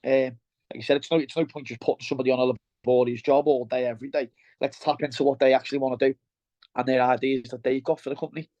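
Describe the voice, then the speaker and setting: A man's voice: medium pitch, level tone, fast, a little mellow, dry recording. A middle-aged man with a Merseyside accent, a guest chatting bluntly and plainly about his work, calling the host "mate". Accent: Merseyside English. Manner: blunt, down-to-earth, keeps saying "mate". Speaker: guest, welder turned operations head. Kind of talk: casual interview chat. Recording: dull lo-fi sound.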